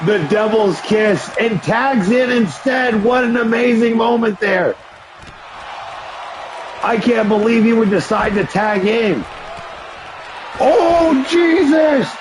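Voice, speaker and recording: A man hosting a live stream, calling play-by-play for a wrestling video game in an excitable, often shouting way, with chatty asides to viewers. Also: extremely high pitch, takes it slowly, long pauses, a crowd in the background, background noise. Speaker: livestream host and commentator.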